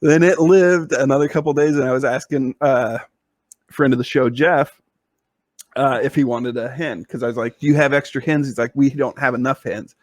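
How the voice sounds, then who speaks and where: A man's voice: medium pitch, fairly even intonation, moderate pace, no echo, studio quality. Rambling man telling a story. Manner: rambling, with many fillers and restarts. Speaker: podcast co-host. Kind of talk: casual storytelling chat.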